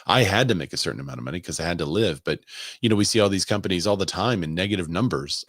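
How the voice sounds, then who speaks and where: A man with a very low, deep voice hosts a relaxed talk show. He reads comments and articles aloud and breaks off into chatty asides. The sound is dry and close. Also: very fast, dry recording. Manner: conversational, laughs and asides while reading aloud. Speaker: podcast host. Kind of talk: casual chat reading comments and articles.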